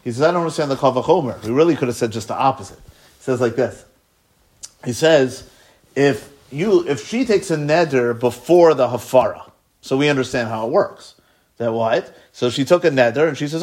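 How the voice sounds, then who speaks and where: A man teaching a Talmud lesson, sprinkling in Hebrew study terms and rising in pitch as he poses questions. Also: normal speed. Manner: animated, rising pitch when posing questions.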